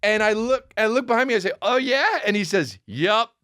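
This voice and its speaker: A man hosting a podcast, telling a comedic story in a profane, animated way that climbs high as he gets excited. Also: fast talker, clean tone, dry recording, clean studio sound. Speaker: podcast host. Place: podcast studio.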